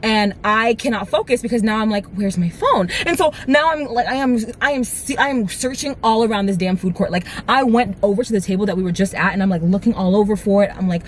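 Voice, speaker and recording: Young vlogger rattling off a storytime super quick, like every other word, cussing, bit of hiss behind. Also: mid-range voice. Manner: fast, rambling retelling full of "like" and "right?"; animated, swears freely. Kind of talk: storytime vlog.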